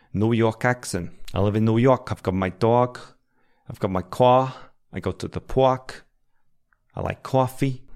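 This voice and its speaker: A British man, an English teacher, explaining words and repeating example sentences slowly and clearly for learners. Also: fairly low pitch.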